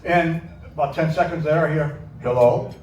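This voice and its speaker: A man, a former radio engineer, telling a lively anecdote on stage at a music venue and acting out the people he quotes. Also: on the high side, normal speed, a little hiss or hum. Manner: animated storyteller who acts out the people he quotes. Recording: echoey room, picked up from a distance.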